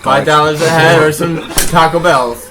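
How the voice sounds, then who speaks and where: A man's voice: on the high side, fairly even intonation, moderate pace, crowd noise. A man co-hosting a casual podcast, joking and teasing in a crude way. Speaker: podcast co-host. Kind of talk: rowdy casual chat. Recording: music playing behind.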